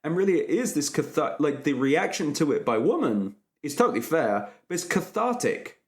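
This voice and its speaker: A man hosting a podcast, riffing with sarcastic jokes and animated opinions in casual chat. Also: fairly high pitch, fairly quick.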